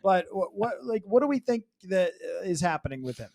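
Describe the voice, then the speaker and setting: A man's voice: high-pitched, big pitch swings, fairly quick, darkish tone. A man hosting a sports podcast round table in a chatty, wry way, putting questions to his guests. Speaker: podcast host.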